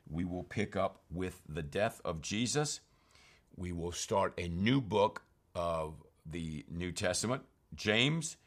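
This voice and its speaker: A man's voice: sits low, fairly bright tone. A man teaching from scripture, reading verses aloud and then explaining them in plain, conversational terms. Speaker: preacher.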